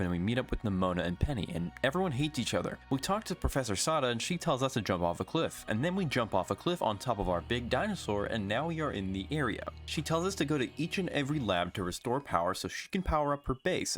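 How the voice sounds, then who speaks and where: A man's voice: mid-range voice, very animated, fast, hardly any pauses, faint music behind. A young man giving sarcastic, dry, scripted comedic narration of a game video. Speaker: gaming video creator.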